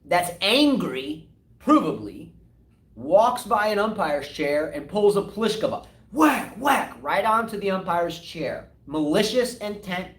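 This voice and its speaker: A man with a high voice co-hosts a live tennis talk stream. He argues with lively rhetorical questions. His voice sits away from the mic and echoes around the room. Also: measured pace, far from the mic. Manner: animated, argumentative, rhetorical questions. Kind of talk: casual live-stream discussion.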